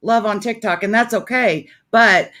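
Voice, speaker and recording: A woman's voice: mid-range voice, moderate pace. Effusive woman hosting an interview. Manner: warm, effusive, laughs easily. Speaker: interview host. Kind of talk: casual interview chat.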